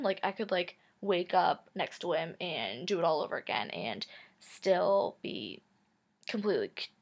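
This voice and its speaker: Her voice sits at a medium pitch with a breathy edge, and she's a vlogger in her twenties. She chats casually to the camera about something personal, dropping plenty of "like"s and "um"s and cursing openly.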